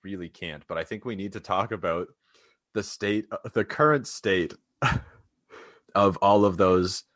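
A man's voice: low voice, a little slow, fairly bright tone, no room sound. A young man co-hosting a podcast in casual chat, wry and teasing, with some swearing. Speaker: podcast co-host.

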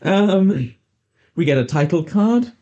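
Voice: mid-range voice, lively intonation, slow pace, dark tone, muffled recording. A podcast host in casual chat, chatty and sarcastic, often laughing.

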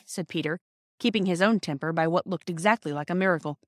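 A woman reading a classic children's storybook aloud in a gentle, measured way. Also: lowish voice, no room sound, clean studio sound. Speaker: audiobook reader. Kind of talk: storybook narration.

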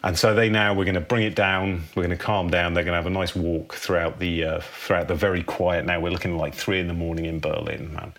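A man's voice: deep voice, little pitch movement, a little fast, hardly any pauses, fairly bright tone. A man hosting a podcast, telling a film story in a laid-back, casual way and ending phrases with "man".

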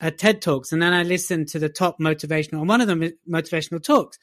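A man's voice: fairly high pitch, fast, no echo. Playful teasing man, dry sound. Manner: playful, teasing, laughs often. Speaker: podcast co-host. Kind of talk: casual chat.

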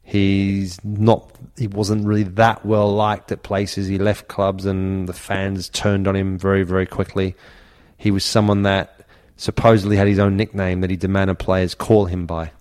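Man, low voice, ex-footballer spinning yarns on a podcast. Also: little pitch movement, measured pace, darkish tone, smooth. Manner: anecdotal, acts out quotes with raised voice. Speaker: former footballer, podcast co-host. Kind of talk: casual storytelling chat.

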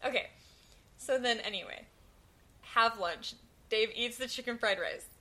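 A woman's voice: on the high side, unhurried. A young woman co-hosting a podcast, telling a workplace story with lots of laughter in casual chat. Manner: animated storyteller, laughs often. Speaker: podcast co-host.

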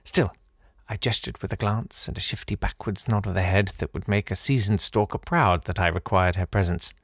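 A man's voice: on the low side, normal speed, fairly bright tone, breathy edge, no echo, studio quality. A man hosting a podcast who reads a listener's story aloud, breaking off for wry, digressive asides and theatrical readings. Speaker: podcast host.

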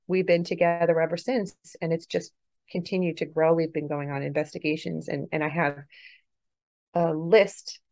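Low, gravelly-voiced woman telling a story. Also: no echo. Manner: earnest, swinging between hushed and excited. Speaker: guest, author and paranormal investigator. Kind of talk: emotional personal storytelling in a podcast interview.

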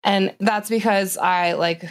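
Female co-founder guest, 30s, gravelly low-end fry, casual chatter. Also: fairly even intonation, slow pace. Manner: chatty, lots of "like" fillers, acts out her own past talk. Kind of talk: casual podcast chat.

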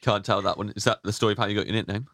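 A man co-hosting a chat podcast with quick, teasing banter. He talks fast in a lowish voice with a gravelly edge, and it is recorded close and dry. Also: steady tone, a bit bright, no room sound. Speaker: podcast co-host.

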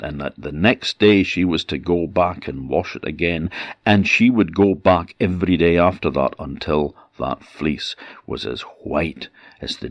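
A male storyteller from the Orkney Islands, telling an old folk tale in a very deep, gravelly voice. He speaks slowly and expressively, repeating words for effect, recorded close and dry. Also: dry recording, highs cut off. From Orkney Islands, Scotland. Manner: unhurried, expressive, with repetition for effect.

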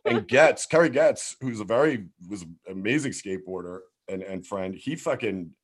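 A man's voice: on the low side, animated, normal speed. A man, telling rambling, profane stories as a podcast guest. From Philadelphia, USA. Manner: rambling, heavy swearing, lots of "like" and restarts. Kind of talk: casual storytelling in a podcast interview.

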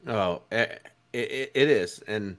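A man co-hosting a casual political talk show, laid back and quick to agree with the host. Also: fairly low pitch, a bit bright, dry recording, clean studio sound. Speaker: podcast co-host.

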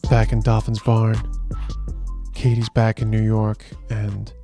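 A man's voice: fairly low pitch, completely flat delivery, slow pace, music in the background. An Irish man co-hosting a podcast in casual chat, talking in loose, restarting phrases. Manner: chatty, restarts phrases often. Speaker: podcast co-host. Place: moving car. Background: traffic and train noise.

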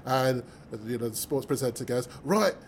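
A British man, a mathematician guest, telling stories with lively energy, acting out the voices of people he quotes and laughing as he goes. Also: medium pitch, moderate pace, slight background noise. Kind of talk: animated storytelling in conversation.

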